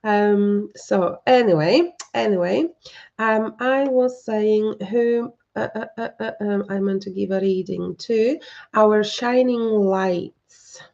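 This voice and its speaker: Woman medium on a live stream, hesitant and slow, gravelly mellow voice, dull lo-fi audio. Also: medium pitch. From lives in northern Scotland, learned English there. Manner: hesitant, full of ums and restarts. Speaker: psychic medium giving live readings. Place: at home with a dog.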